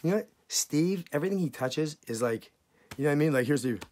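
A man's voice: on the high side, lively intonation, fast, darkish tone. A man ranting angrily to camera, swearing constantly, his voice jumping up in outrage. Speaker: vlogger. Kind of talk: angry profane rant to camera.

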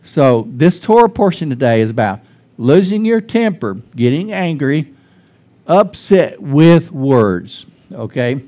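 A man's voice: on the high side, very animated, slow, mellow. Man preaching a folksy sermon. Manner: folksy, frequent restarts, questions to the congregation. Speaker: pastor. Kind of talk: informal conversational sermon. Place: church sanctuary.

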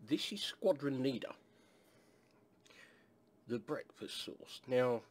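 A man's voice: mid-range voice, lively intonation, slow pace. A man from England casually reviewing a hot sauce, rambling with lots of fillers and asides.

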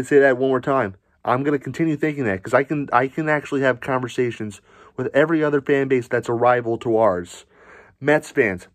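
A man's voice: mid-range voice, dry recording, clean studio sound. A man ranting angrily as a sports fan, furious, swearing and insulting. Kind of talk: angry profane rant.

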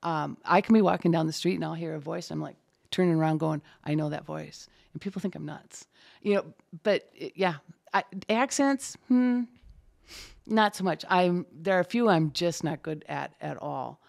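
A woman with a low, gravelly voice chats in a relaxed interview, telling stories about her work with lively energy. She talks quickly when excited and keeps a conversational flow. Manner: chatty, animated storyteller. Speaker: closed captioner, guest. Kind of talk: casual interview talk.

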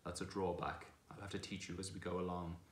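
A man voicing a proud, brisk male talking war horse who speaks with scorn and command. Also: low-pitched, level tone, lightly acted. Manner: brisk, commanding, contemptuous at times. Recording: echoey room.

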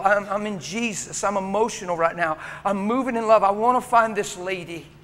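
Male preacher, high-pitched, passionate storyteller, hushed to loud, echoing church hall. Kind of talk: sermon.

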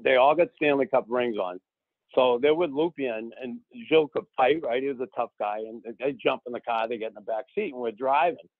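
A man, telling a story as a podcast guest in an animated way, acting out the people he quotes. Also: mid-range voice, fairly quick, no room sound. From Boston. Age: 60s. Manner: animated, acts out quoted people, keeps adding "right?". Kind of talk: casual storytelling. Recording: dry, phone-like narrow sound.

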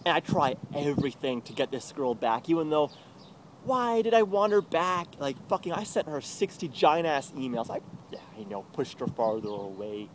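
A man's voice: on the high side, sing-song, normal speed. Young guy venting and cussing nonstop, voice jumps all over, lots of noise behind. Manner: bitter, agitated, heavy swearing. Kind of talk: profane confessional rant. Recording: noisy recording.

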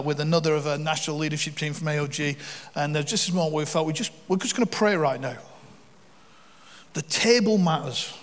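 A middle-aged man preaching as a guest, telling funny anecdotes in a lively way and acting out the people in them. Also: a little high. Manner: lively storyteller who acts out the people in his stories. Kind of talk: sermon with humorous anecdotes. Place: church hall. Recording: long reverb of a church hall.

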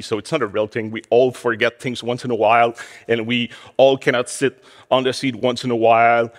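A man's voice: mid-range voice, level tone, normal speed. A man in his forties with a French Canadian accent giving a candid, self-deprecating conference talk. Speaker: conference speaker. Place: conference hall. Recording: conference hall with long reverb.

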